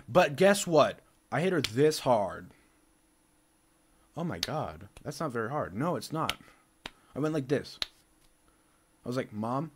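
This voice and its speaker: A man telling a story to his viewers in a casual, animated rant, profane, rambling and repetitive. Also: sits high. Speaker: vlogger.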